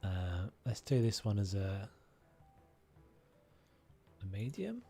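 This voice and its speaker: A man's voice: fairly low pitch, sing-song, takes it slowly, mellow, faint music behind. A man casually chatting and musing aloud while live-streaming a game, now and then humming tunes.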